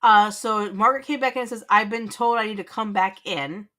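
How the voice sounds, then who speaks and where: A woman's voice: medium pitch, brisk, fairly bright tone. A woman hosting a casual livestream, reading chat aloud, teasing and laughing often, rambling with restarts. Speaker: livestream host.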